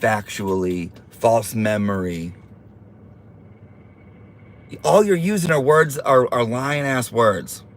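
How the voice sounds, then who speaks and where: A man's voice: medium pitch, expressive, slow pace, long pauses, a little hiss or hum. Sassy man hosting a livestream. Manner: sassy, campy, teasing. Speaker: livestream host reading viewer comments. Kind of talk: casual livestream chat.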